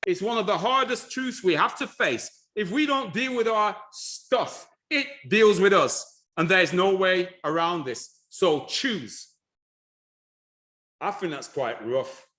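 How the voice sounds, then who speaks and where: A man giving a lively presentation on history and culture, animated and repeating himself, with frequent restarts. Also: sits high, slow pace. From United Kingdom.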